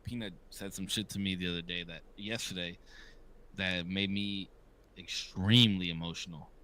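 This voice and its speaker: This is a man in his thirties whose voice sits fairly low. He speaks in casual podcast chat, candid and profane. He often acts out the voices of people he quotes. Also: fairly even intonation, moderate pace, bright, forceful tone. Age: 30s. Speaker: podcast co-host.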